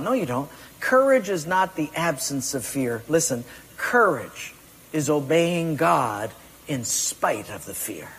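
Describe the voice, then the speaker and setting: A man preaching a sermon with emphatic delivery, acting out excuses and commands and rising to loud peaks. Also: fairly high pitch, very animated, slow pace, slightly rough, long reverb tail. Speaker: pastor.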